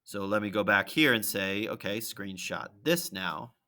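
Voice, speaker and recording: A math teacher walking through a graphing problem on screen, thinking aloud and checking in with "right?" and "okay?". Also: male voice, lowish voice, animated, a little slow, sharp tone. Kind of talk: screen-recorded lesson walkthrough.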